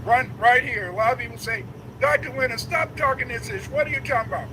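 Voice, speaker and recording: A man giving a preachy, emphatic livestream lecture who builds to shouts. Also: very high voice, quick pace. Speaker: guest lecturer. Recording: background noise.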